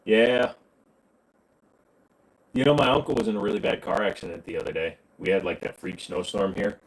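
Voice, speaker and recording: A man's voice: on the low side, animated, moderate pace, low-quality recording. A man hosting a casual livestream, answering viewer questions with crude jokes and banter aimed at his chat. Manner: crude joking banter, talking back to chat.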